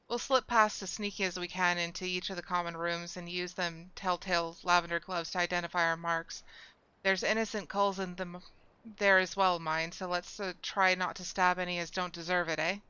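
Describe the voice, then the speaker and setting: A gruff, scheming male rogue with an old seadog's swagger, put on by a woman reading video game lines. He talks in thick slangy thieves' cant with a put-on accent. The voice is bright and crystal clear, close and dry, with slightly dull streamed sound. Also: medium pitch, no room sound, natural voice. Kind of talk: reading game dialogue aloud.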